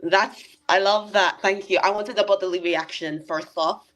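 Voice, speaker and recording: Animated woman filmmaker chatting. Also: mid-range voice. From not from Britain. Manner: animated, laughing, quick asides. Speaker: filmmaker guest. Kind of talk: casual podcast chat.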